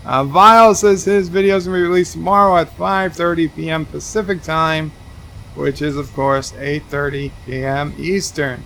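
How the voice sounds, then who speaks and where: A man's voice: on the high side, fairly even intonation, normal speed, vocal fry, a bit bright, a little hiss or hum. A man streaming a game, reading chat messages aloud and answering them with dry asides. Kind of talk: casual livestream commentary.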